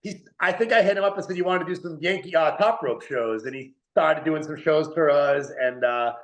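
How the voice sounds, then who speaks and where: New guy rambling on a podcast, kinda high voice, lots of likes and dudes, echoey room. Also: a little fast, fairly bright tone. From New England. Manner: rambling, heavy use of "like" and "dude". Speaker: podcast guest, wrestler. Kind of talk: casual interview chat.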